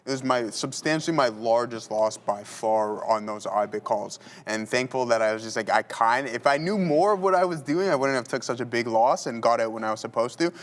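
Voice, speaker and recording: A man's voice: medium pitch, animated, a little fast, hardly any pauses. A man hosting a live day trading stream, chatting casually with viewers and talking through his trades as he makes them.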